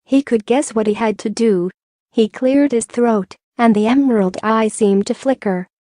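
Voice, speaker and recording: Woman narrating an audiobook, fairly high voice. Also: no room sound, clean studio sound. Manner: measured, even storytelling. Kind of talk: scripted narration.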